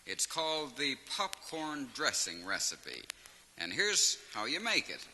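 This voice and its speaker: Man, jokes, lively bright voice, long hall reverb, faint vinyl hiss. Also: mid-range voice, measured pace. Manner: animated storyteller who laughs at his own punchlines. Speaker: comedian telling jokes. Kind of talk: stand-up joke telling on record.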